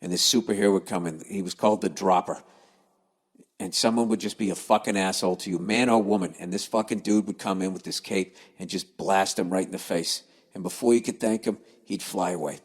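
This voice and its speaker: A man's voice: low-pitched, a little fast, slightly rough, long reverb tail. A man hosting a podcast, reading listener emails aloud and ranting about them in a profane, exasperated, sarcastic way. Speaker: podcast host.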